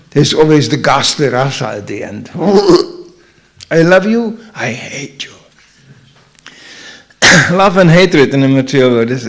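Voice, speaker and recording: An older man with a medium-pitched, creaky voice delivers a humorous sermon as a spiritual lecturer. Jokey in manner, he acts out the voices of those he quotes.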